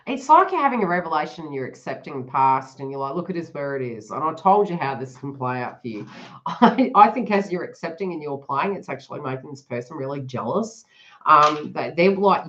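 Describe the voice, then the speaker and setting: A woman's voice: deep voice, big pitch swings, brisk, fairly bright tone. A woman reading cards on a live stream, chatting to viewers by name and laughing often. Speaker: tarot reader hosting a live stream. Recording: dull lo-fi live stream audio.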